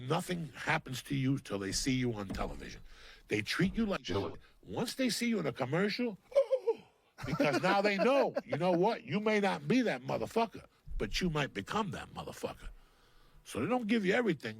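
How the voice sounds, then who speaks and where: A middle-aged man telling a profane, animated story as a guest comedian on a podcast. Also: on the high side, gravelly, slightly rough.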